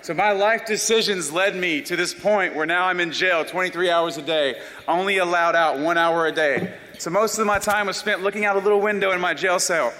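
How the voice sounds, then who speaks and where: A young man from South Carolina, telling his life story as an animated, self-deprecating testimony. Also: sits high, brisk. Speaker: speaker giving a personal testimony. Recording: long reverb of a large hall.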